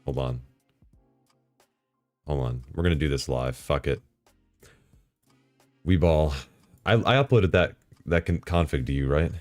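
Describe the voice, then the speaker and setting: A man live-streaming, talking casually to himself and his chat while setting up software, swearing and bursting into excited outbursts. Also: rumbling low, measured pace, pauses often, no room sound, soft background music.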